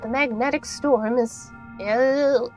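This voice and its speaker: A woman voicing a gentle, worried old woman while reading game dialogue aloud, slow and careful. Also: on the high side, fairly even intonation, faint music behind, low-quality recording.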